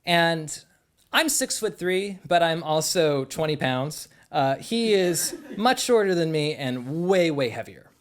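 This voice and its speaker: Animated young man telling a story. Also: on the high side, slow pace, smooth. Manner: animated, conversational, lots of "like". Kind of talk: live personal storytelling.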